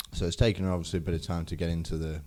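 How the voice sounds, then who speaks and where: A man's voice: sits low, a little mellow. A man co-hosting a podcast, telling a history story in casual chat with many restarts. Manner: rambling storyteller with frequent restarts. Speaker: podcast co-host.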